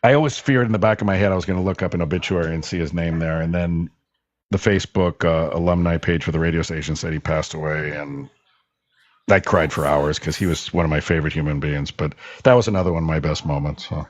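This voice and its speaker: Deep-voiced man telling radio stories. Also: steady tone, quick pace, no echo, highs cut off. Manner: rambling, enthusiastic anecdotes with many fillers. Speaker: guest, former radio host. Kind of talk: casual storytelling in a call-in show.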